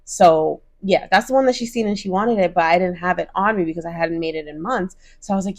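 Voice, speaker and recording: Talking to camera in her crochet vlog, a young woman gushes casually, peppering her speech with "like" and "oh my gosh" and using bright put-on voices to quote people. She has a fairly low pitch and speaks quickly with few pauses.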